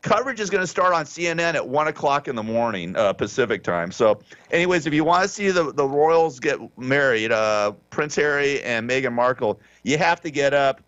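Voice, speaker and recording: A male radio host talks loosely and sarcastically, often stopping to restart his sentences. His voice sits at an ordinary middle pitch. The sound is dry and a little dull, like a broadcast studio feed. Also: expressive, fairly quick, hardly any pauses, a bit bright, dry recording. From Southern California. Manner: rambling, sarcastic and offhand, with frequent restarts. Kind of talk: casual talk radio monologue.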